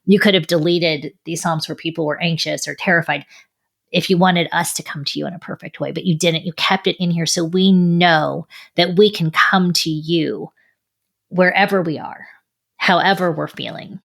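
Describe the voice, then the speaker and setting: Earnest woman with a gravelly low voice. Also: fairly even intonation, normal speed. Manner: earnest, reflective, with soft laughs. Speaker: author and speaker. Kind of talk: personal faith testimony.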